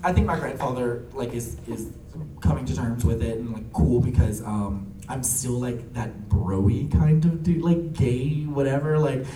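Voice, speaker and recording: A young man telling family stories in casual chat, animated and laughing often, with lots of fillers. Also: medium pitch, measured pace, hardly any pauses, background noise. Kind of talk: casual storytelling. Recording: echoey room, a bit far from the mic.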